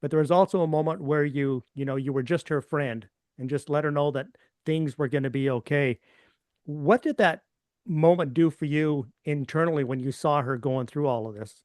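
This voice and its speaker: A man's voice: on the high side, moderate pace, a little mellow, no echo, studio quality. A man hosting an interview, asking long questions that he often restarts. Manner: rambling, restarts his questions. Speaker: podcast host.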